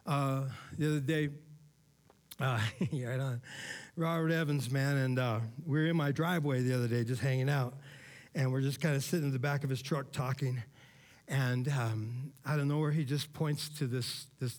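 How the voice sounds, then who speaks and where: Male pastor, high-pitched voice, relaxed street-casual preaching, dynamic loud-to-soft swings. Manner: casual, conversational preaching with frequent "man" and "all right?"; swings between loud emphatic bursts and quiet low asides. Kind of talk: sermon.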